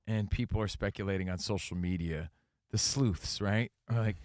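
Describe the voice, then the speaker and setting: A man's voice: lowish voice, a little mellow, no echo, studio quality. A man co-hosting a sports talk show, riffing and joking in casual banter. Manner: joking, quick to riff.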